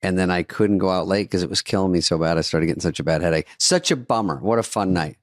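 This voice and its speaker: A man's voice: deep voice, fast, dry recording. An older man co-hosting a podcast in casual chat, riffing with dry, sarcastic humor. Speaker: podcast co-host. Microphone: studio podcast mic.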